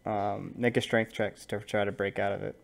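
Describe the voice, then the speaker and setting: A man runs a tabletop game in a lowish, unhurried voice. He narrates loosely, trailing off into fillers as he pictures the scene. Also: vocal fry. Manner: relaxed, rambling narration with fillers. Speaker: game master.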